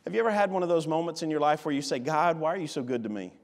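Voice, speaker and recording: A man's voice: a little high, very fast. A man preaching a revival sermon as a guest missionary, telling stories with passion and speaking in character as a biblical figure. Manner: impassioned storytelling, voices Boaz addressing Ruth. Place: church sanctuary. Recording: long church hall reverb.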